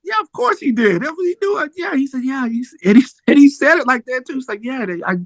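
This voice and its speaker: A middle-aged man, a musician guest, telling a story in a casual, animated way that jumps up in pitch when he gets excited. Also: quick pace, no room sound.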